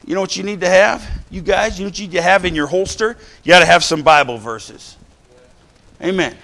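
A middle-aged man preaching a fiery sermon, exhorting the crowd with repeated lines and sudden bursts of shouting. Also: high-pitched, a little fast, gravelly. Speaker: pastor.

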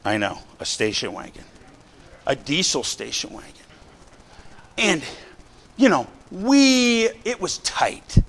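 Animated preacher, higher voice. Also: male voice, slow, long pauses, breathy edge. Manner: animated and conversational, with rhetorical questions and asides to the congregation. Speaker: pastor. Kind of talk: sermon. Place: church sanctuary.

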